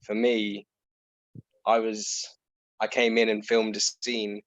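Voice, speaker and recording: A young man talks over a video call in a relaxed, self-deprecating way, often stopping and restarting his sentences. The sound is dull and lo-fi, with a dry, close feel. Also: fairly low pitch, slow pace, dry recording. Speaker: guest. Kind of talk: casual chat on a video call.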